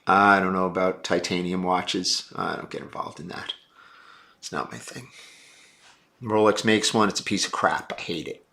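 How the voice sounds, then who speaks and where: A man's voice: low-pitched, fairly even intonation, normal speed, creaky, sharp tone. A man hosting a casual live stream, answering viewer chat in a blunt, brash and profane way.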